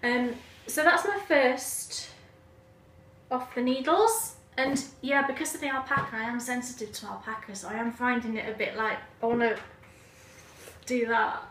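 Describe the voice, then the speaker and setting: A woman's voice: a little high, fairly bright tone, slight background noise. A woman co-hosting a knitting podcast, chatty and explanatory, talking casually at home. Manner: chatty and explanatory, quick laughs. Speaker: podcast co-host. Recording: roomy audio with the mic some distance away.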